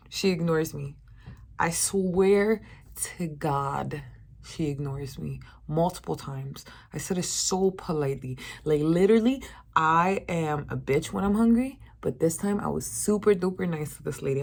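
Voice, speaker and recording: A young woman in her twenties tells a storytime rant in a low voice. She swears freely and stays animated throughout, jumping higher whenever she mimics the people she quotes. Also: vocal fry. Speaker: vlogger.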